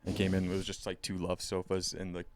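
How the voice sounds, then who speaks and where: Low-voiced man rambling in casual chat. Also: monotone, fast talker, a little hiss or hum. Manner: rambling, swears freely, acts out quoted voices. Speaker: podcast co-host.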